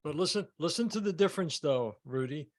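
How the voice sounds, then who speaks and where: A man's voice: a little high, animated, brisk. A man leading a sales coaching session, emphatic, often repeating words as he teaches. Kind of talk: group coaching call.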